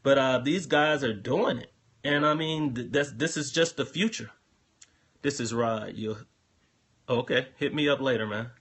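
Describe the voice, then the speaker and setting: A man with a bright, forceful voice and a husky grain explains things to his viewers in a live phone stream. He talks loosely and directly to them and often circles back and repeats words as he goes. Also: mid-range voice, a little slow. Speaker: host answering trading questions.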